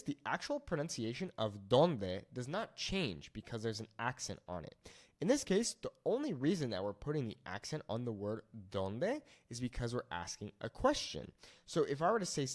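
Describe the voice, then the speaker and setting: A man teaches a language lesson in an animated, rising-and-falling voice. He explains patiently, trading English explanations with Spanish sample phrases. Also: medium pitch.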